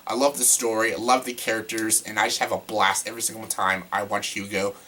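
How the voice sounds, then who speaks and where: Guy doing a casual movie ranking vlog, bright sharp voice, super excitable and gushy, swears casually. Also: lowish voice, a little fast. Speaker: movie reviewer.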